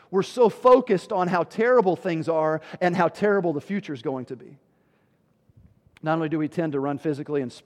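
Male pastor, high voice, emphatic sermon delivery in a church with long reverb. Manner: emphatic, with rhetorical questions and sudden drops in volume.

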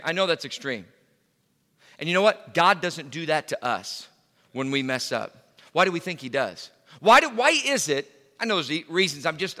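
A middle-aged man preaching a sermon as pastor, emphatic, swinging from loud to hushed. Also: high voice, big-room sound. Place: church.

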